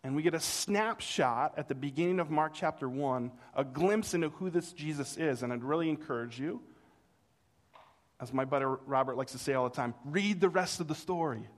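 A middle-aged pastor speaks at a moderate pace in a slightly high voice, animatedly telling a childhood story within a sermon and voicing its characters.

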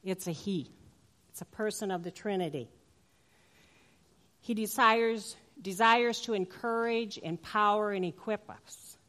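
A woman's voice: medium pitch, fairly bright tone. A woman pastor preaching a sermon in a church, emphatic and playful, turning to the congregation with asides. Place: church sanctuary.

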